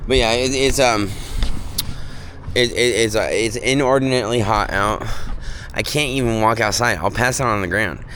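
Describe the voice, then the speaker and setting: A man's voice: fairly low pitch, normal speed, fairly bright tone, slight background noise. A man rambling casually in a self-filmed vlog, recorded outdoors. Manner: rambling, drifting from topic to topic. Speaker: vlogger. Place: outdoors in hot weather.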